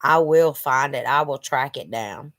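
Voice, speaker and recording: A woman's voice: a bass voice, a little slow, no room sound. A woman talking casually to her viewers from her living room, earnest and rambling with lots of fillers, a bit stuffy from allergies. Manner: rambling, many "you know" fillers, earnest. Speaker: channel host. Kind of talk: casual direct-to-camera vlog.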